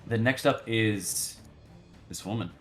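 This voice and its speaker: A man's voice: lowish voice, slow pace, soft background music. A man narrating a tabletop game as game master, rambling with many fillers and restarts.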